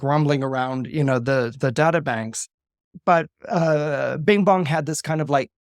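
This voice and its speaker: A man's voice: a little high, dry recording. Man retelling a story animatedly, dry sound. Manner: animated retelling, laughs, many fillers and restarts. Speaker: guest astrologer. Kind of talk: casual storytelling in a podcast interview.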